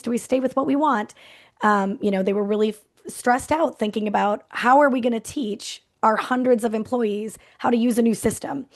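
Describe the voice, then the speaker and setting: A middle-aged woman, a culture coach, giving a motivational talk and telling a story with acted-out quotes. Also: on the high side. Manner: lively storytelling, acts out quotes of clients.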